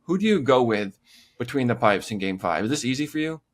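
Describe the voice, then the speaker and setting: A man co-hosting a hockey podcast talks through playoff goaltending in a measured, conversational tone. His voice sits at an ordinary middle pitch. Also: big pitch swings. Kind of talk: casual sports chat.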